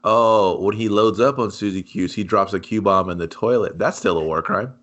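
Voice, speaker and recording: A man's voice: on the low side, normal speed, a bit bright, highs cut off. A man co-hosting a podcast, reviewing a movie in a laid-back, profane way and building on jokes. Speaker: podcast co-host. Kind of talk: casual comedic movie review.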